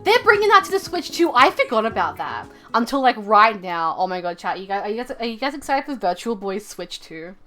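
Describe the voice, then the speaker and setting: A young woman with a high, light voice chats on a live stream. She rambles playfully from one thought to the next and breaks into giggles often. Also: very animated, fairly quick, hardly any pauses, bright, forceful tone, faint music behind. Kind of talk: casual live-stream chat.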